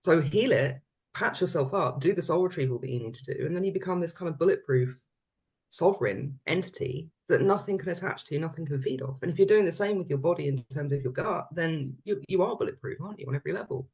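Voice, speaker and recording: A man's voice: a little high, expressive, fast, gravelly, a little mellow, husky. A man co-hosting a casual spiritual chat, explaining ideas earnestly. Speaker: podcast co-host.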